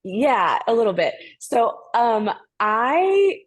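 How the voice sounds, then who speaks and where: Woman, voice actor guest; slightly husky, candid, laughs a lot, casual cursing. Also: a little high, big pitch swings, slow pace. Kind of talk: casual interview chat.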